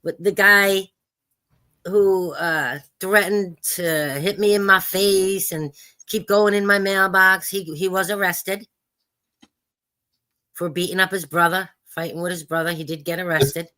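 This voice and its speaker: A woman's voice: lowish voice, steady tone, unhurried, sharp tone, no echo. A woman from New York with a Brooklyn Italian accent, chatting bluntly and insistently as a guest on a live call-in show. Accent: Brooklyn Italian-American New York. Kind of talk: casual call-in chat.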